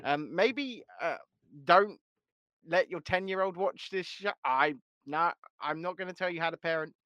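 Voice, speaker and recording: Bright-voiced, slow-talking man hosting. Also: high voice, no room sound, highs cut off. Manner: swears a lot, laughs often, banters. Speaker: livestream host. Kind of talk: casual live chat.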